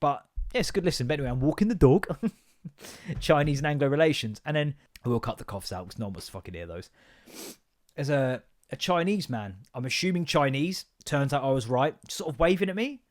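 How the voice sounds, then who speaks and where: A man hosting a podcast, telling rambling, sweary stories in an animated, comedic monologue. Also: a little high, brisk. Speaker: podcast host.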